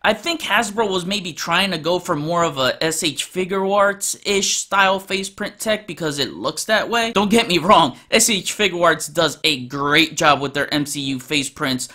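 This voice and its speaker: A man's voice: fairly high pitch, measured pace, hardly any pauses, bright, forceful tone. A young man giving a casual, chatty review of an action figure as the channel's host. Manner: chatty, informal, with fillers.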